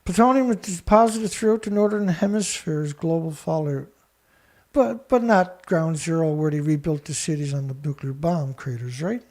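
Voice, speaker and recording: A man hosting a show, reading research text aloud haltingly and breaking in with scornful remarks to an absent critic. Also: on the high side, darkish tone. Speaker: show host. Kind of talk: reading documents aloud with commentary.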